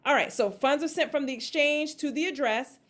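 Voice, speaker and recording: A woman's voice: high voice, fairly quick. A woman giving a casual how-to talk to a group, checking in often with "okay?" and "all right?", and acting out panicked reactions now and then. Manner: acts out her own panicked reactions in a raised voice. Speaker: crypto investing presenter.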